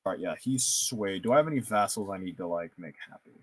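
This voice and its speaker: Deep-voiced and lively, a man talks fast with a breathy edge while narrating a strategy game let's-play, reasoning aloud through his choices and making playful, self-mocking jokes. The recording is dry.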